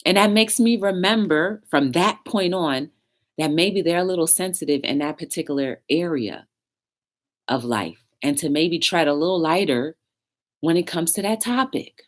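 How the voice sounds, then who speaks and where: A woman's voice: on the low side, animated, normal speed. A woman hosting her own live talk show, chatting casually and preaching about communication while answering comments from the chat.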